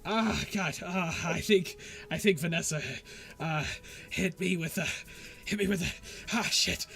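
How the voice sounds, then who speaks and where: A man's voice: creaky, a bit bright, heavily acted. A man voicing an overexcited young male wizard who stammers and talks in a rush. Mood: hyper. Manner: rapid, stuttering, high-strung.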